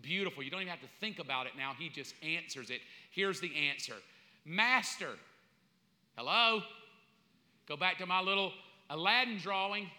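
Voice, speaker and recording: A man preaching a sermon in an animated way, acting out little scenes and laughing as he goes. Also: on the high side, fairly quick. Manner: animated, acts out voices, laughs. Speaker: pastor. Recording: long hall reverb.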